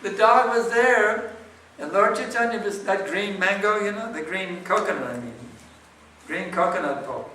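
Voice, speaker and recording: Far from the microphone in an echoing temple hall, a man with a high, pushed, bright voice teaches a devotional morning class at a moderate pace. He answers questions conversationally, frequently asking rhetorical ones, and a little hiss or hum can be heard.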